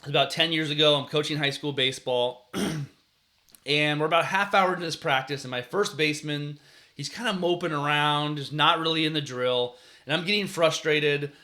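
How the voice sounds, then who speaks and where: Earnest bright-voiced man coaching. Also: on the high side, moderate pace. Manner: earnest storytelling, frequent restarts, acts out yelling at players. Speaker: youth sports coach and show host. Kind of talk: casual advice talk.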